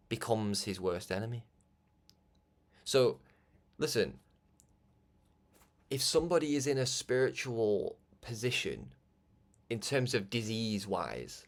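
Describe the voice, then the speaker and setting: A man delivering a loose, conversational spiritual talk. He rambles from thought to thought, laughs at his own asides and stumbles through restarts. His voice sits at an ordinary middle pitch. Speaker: religious broadcaster.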